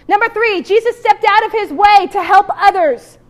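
A woman pastor preaching a sermon with animated asides and calls to the congregation. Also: very high-pitched, normal speed.

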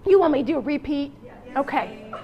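A woman pastor preaching a sermon with animated asides and calls to the congregation. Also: high-pitched, a little fast.

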